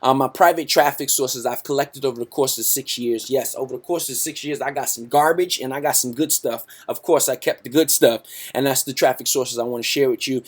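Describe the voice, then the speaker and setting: A man hosting a sales webinar, hyped and salesy, tacking "right?" onto nearly every sentence and calling his listeners "guys". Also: mid-range voice. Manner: hyped, repeats "right?" constantly; salesy, pumped, talks to the audience as "guys". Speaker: webinar host.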